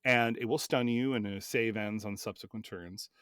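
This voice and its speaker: A man who runs tabletop games, telling stories from his campaign in relaxed, rambling podcast chat. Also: on the low side, moderate pace, smooth, no echo, studio quality. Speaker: game master.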